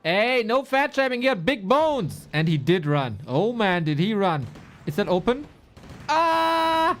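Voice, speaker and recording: A man's voice: high voice, sing-song, a little slow, slight background noise. A man casting a competitive strategy game, casual and playful, bantering with his co-caster and laughing often. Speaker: esports caster.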